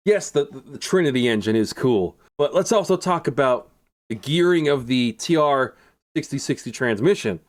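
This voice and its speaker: A young man commenting on a racing game, sarcastic and rambling, laughing often. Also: fairly high pitch. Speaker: gaming YouTuber.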